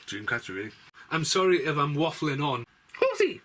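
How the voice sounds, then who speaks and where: A man's voice: fairly high pitch, sing-song, quick pace, fairly bright tone, slight background noise. A man reviewing movies in casual, rambling chat, swearing freely as he goes.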